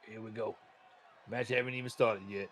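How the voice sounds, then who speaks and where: A man's voice: on the low side, steady tone, normal speed, fairly bright tone, a faint crowd, a little hiss or hum. A man commentating wrestling in slangy, hyped banter, backing his favorite. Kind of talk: casual play-by-play banter.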